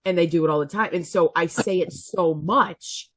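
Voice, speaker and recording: A woman with a somewhat low voice chats on a podcast and tells stories from her teaching. She acts out little quotes and corrects herself mid-sentence. The sound is dry and close-miked. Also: moderate pace, no room sound. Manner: chatty storyteller, self-correcting, animated quotes. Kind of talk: casual chat.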